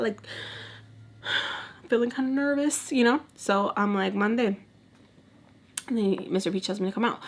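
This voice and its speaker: A woman vlogger telling a storytime in a casual, animated way, acting out the people in it, swearing freely and dropping in Spanish words. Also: medium pitch. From Texas. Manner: animated, swears a lot, acts out voices, mixes in Spanish.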